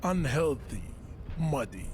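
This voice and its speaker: A man's voice: medium pitch, very animated, takes it slowly, noisy background. A man voicing a towering, racist pseudo-scientist bouncer in a game, lecturing with grandiose contempt. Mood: pompous. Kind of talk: game voice acting. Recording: game audio under music.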